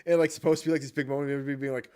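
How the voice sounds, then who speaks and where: A man co-hosting a relaxed gaming podcast. He talks at an even middle pitch and rambles hesitantly, circling back and restarting his thoughts as he goes. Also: racing, smooth. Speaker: podcast co-host. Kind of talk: casual chat about video games.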